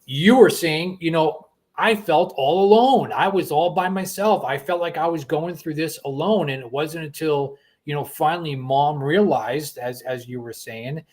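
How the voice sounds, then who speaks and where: A man's voice: a little high, measured pace, hardly any pauses, darkish tone. A middle-aged man hosting a talk show, speaking earnestly and often repeating words as he starts a thought. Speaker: host. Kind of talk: conversational talk show chat.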